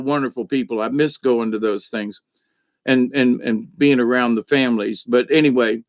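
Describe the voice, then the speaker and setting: Talking casually to his live chat, a streamer from South Georgia meanders through stories, leaning on "you know" and "but anyway." His voice is medium in pitch, and the audio is dull with no room sound.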